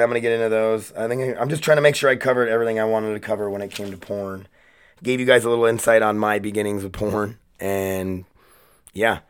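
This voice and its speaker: A man's voice: lowish voice, clean tone, dry recording, studio quality. A man hosting a solo podcast in a casual, rambling, profane and jokey way. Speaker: podcast host.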